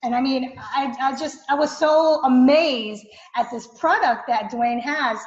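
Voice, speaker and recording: A high-pitched woman gushes with effusive enthusiasm in a client testimonial. She sounds like she is in a roomy space. The audio is slightly dull. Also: unhurried. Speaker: real estate agent client.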